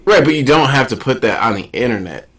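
A man's voice: mid-range voice, lively intonation, fast, fairly bright tone. A man co-hosting a podcast in casual chat, blunt, skeptical and teasing. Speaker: podcast co-host.

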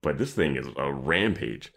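A man co-hosting a podcast, chatting casually with wry, animated asides. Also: very deep voice, normal speed, creaky. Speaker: podcast co-host. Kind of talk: casual recap chat.

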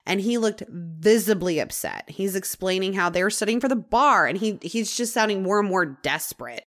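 A young adult woman hosting a podcast, telling a true-crime story in a casual, chatty way. She uses many "like" fillers and drops into dramatic pauses. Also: mid-range voice, expressive. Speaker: podcast host.

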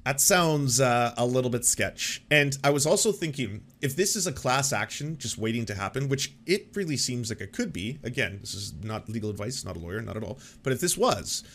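A man's voice: mid-range voice, animated, fairly quick, hardly any pauses, fairly bright tone. A man hosting an online commentary show, riffing sarcastically with profanity and frequent laughter. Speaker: host. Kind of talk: casual commentary.

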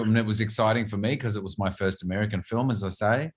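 A man's voice: fairly low pitch, steady tone, fast talker, hardly any pauses. Thoughtful Australian man being interviewed. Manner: thoughtful, repeats words while searching for phrasing. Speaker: actor guest. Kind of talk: relaxed interview answers.

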